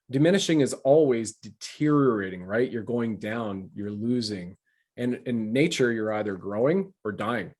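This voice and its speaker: Canadian male host, mid-pitched, preachy and emphatic, loves wordplay. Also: darkish tone. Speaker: show host. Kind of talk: casual interview talk.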